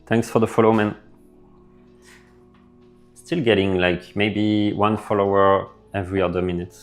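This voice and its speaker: Laid-back developer streamer, male, lowish voice, easygoing chat over faint music. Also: measured pace. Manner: relaxed, thinks aloud with fillers, reads chat messages out. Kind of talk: casual live stream chat reading viewer comments.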